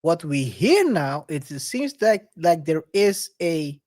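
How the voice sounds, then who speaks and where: A man co-hosting a podcast, chatting in an animated way with quick restarts and shout-outs. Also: on the high side. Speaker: co-host. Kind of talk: casual podcast chat.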